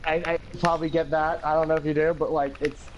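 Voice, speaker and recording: A man's voice: on the high side, level tone, quick pace, slight background noise, low-quality recording. An American man hosting a gaming livestream, rambling in casual chat, laughing often and cursing freely. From United States. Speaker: livestream host.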